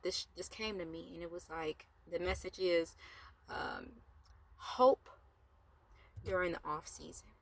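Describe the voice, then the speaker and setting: Motivational vlogger, woman, lowish voice, casual and rambling, recorded in a parked car. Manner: chatty, rambling, with laughs and asides.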